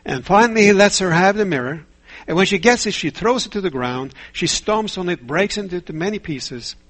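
A man delivers a sermon in a steady, measured way, often pausing to ask rhetorical questions and tell stories. His voice sits a little high and has a husky edge. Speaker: preacher.

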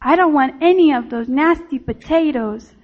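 A woman giving voice to a little brother who parrots his sister in a children's story. The tone is high and sing-song. The recording is lo-fi and a bit dull. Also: moderate pace, natural voice. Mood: copycat.

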